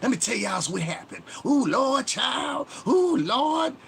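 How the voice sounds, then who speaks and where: A man putting on a mocking caricature of a gossipy podcaster, crying out exclamations in a high falsetto. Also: sing-song, slow, creaky, a little hiss or hum, exaggerated voice. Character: shrill gossipy podcaster, over-the-top and exclaiming.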